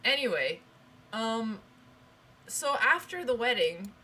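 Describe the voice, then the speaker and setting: A young woman co-hosting a stream, telling a rambling, animated story in casual chat, full of restarts. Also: fairly high pitch, takes it slowly, slightly rough. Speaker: stream co-host.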